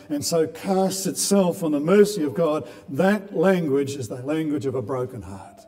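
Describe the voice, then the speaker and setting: A man's voice: a little high, normal speed, few pauses, dark tone. A man preaching a sermon in an earnest way, often repeating words as he builds a point. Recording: long hall reverb.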